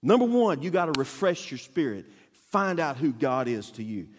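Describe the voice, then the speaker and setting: A man preaching as a guest pastor, with a fairly high voice that swings widely in pitch. He tells his story with acted-out quotes and sudden loud bursts. His voice carries long reverb from a church auditorium. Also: sing-song, normal speed. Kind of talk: sermon.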